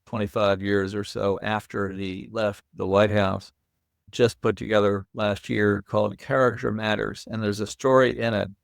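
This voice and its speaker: An older man with a low, gravelly voice tells stories as a guest in a relaxed interview. He talks in a lively, anecdotal way. The recording is dry and close. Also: dry recording. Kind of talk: casual interview storytelling.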